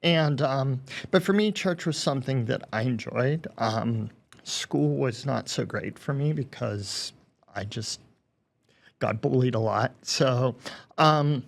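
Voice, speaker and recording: A woman's voice: a bass voice, slow, vocal fry. A middle-aged woman from Pittsburgh, a seminary student, telling her life story as a guest in a candid, reflective way. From Pittsburgh, USA.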